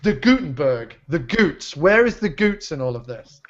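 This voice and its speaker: A man's voice: on the high side, big pitch swings, normal speed, crowd noise. A man chatting casually as a podcast guest, rambling with lots of ums, swearing and laughing along. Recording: dull lo-fi sound.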